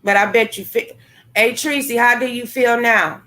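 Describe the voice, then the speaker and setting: A woman with a slightly high voice hosts a casual livestream, talking straight to her viewers. She is blunt and animated, swearing freely as she comments and answers the chat. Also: normal speed. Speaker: livestream host. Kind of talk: casual live-stream commentary.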